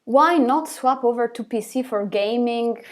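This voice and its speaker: Her voice a little high and unhurried, a young band singer works through questions from fans in a live chat, replying easygoingly amid frequent fillers and little laughs.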